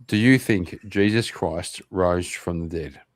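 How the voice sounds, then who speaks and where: A man with an Irish accent hosting an online interview show, chatting casually, animated and swearing freely. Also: deep voice, measured pace, no echo. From Ireland. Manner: animated, swears a lot, laughs often. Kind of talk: casual livestream chat.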